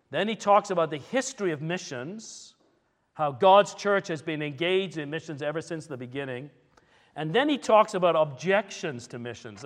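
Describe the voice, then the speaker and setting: A man's voice: a little high, big-room sound. A man preaching a sermon, telling church history in a conversational, digressive way and correcting himself as he goes.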